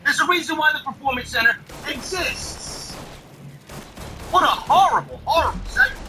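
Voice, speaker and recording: A man's voice: very high-pitched, expressive, moderate pace, background noise. A man giving exasperated, sarcastic wrestling commentary, swearing heavily as he rants. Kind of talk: profane ranting commentary. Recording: voice off-mic with music behind.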